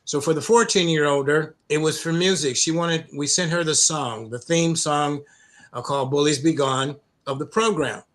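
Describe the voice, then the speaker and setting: Halting, throat-clearing middle-aged man. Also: on the high side, fairly bright tone. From United States. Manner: halting, many restarts and repeated words. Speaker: anti-bullying program founder, guest. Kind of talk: conversational interview storytelling.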